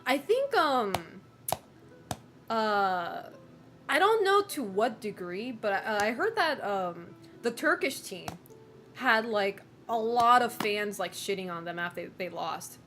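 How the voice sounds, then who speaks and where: A woman's voice: medium pitch, sing-song, takes it slowly, a bit bright, faint music behind. A woman streamer chatting casually and rambling, swearing freely and greeting viewers. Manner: rambling, swearing, laughs often. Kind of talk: casual chat while streaming.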